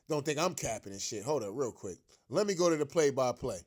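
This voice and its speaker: This man speaks fairly high and expressively, talking fast with barely a pause, his tone on the dark side. A sports rant vlogger, he's venting as a frustrated fan on his own show, profane and slangy, circling back to the same points and laughing in disbelief because he's so upset.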